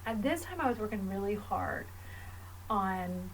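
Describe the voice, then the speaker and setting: A woman's voice: mid-range voice, animated, unhurried. A woman co-hosting a faith podcast, telling a personal story in a casual way with fillers. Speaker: podcast co-host. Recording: slightly distant mic with faint noise.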